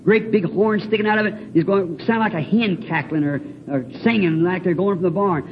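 A man's voice: sits high, fairly quick, dull audio, background noise. A man preaching a fervent sermon in a church, telling personal stories in a folksy, rambling way with emphatic exclamations. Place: church building.

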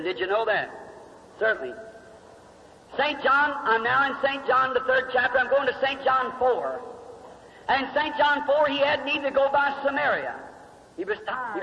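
A man's voice: extremely high pitch, sharp tone. A male preacher telling a Bible story in a folksy way, with homespun grammar and questions to the crowd, on a muffled recording in a reverberant hall. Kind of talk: storytelling sermon.

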